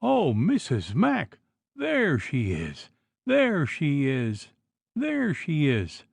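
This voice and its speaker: A woman's voice: wildly swooping pitch, drawn-out words, gravelly, a little mellow, breathy edge, no echo, full character voice. A man voicing a terrified, frail young wife, pleading and screaming in hysterical fear. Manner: shrill, pleading, breaking into screams.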